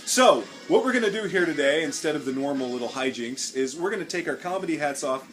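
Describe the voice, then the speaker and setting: A man's voice: fairly high pitch, lively intonation, fast talker, slight background noise. A man hosting a comedy sketch show, rambling and joking in a mock-pompous manner.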